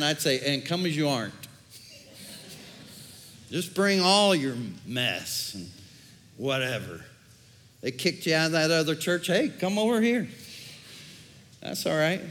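A man's voice: high-pitched, sharp tone. A man preaching a sermon as pastor, conversational, with jokes and asides. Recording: long hall reverb.

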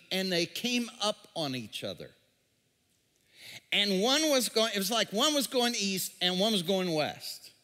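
A man's voice: sits high, sharp tone, in a large hall. A man preaching a sermon as pastor, repeating words and throwing questions at the congregation. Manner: repetitive, stammering, questions to the crowd.

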